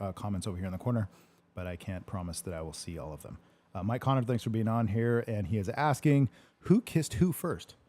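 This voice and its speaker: Male stream host, low voice, laid-back joking banter, swears freely. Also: darkish tone. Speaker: livestream Q&A host. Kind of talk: casual livestream chat. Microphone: livestream microphone.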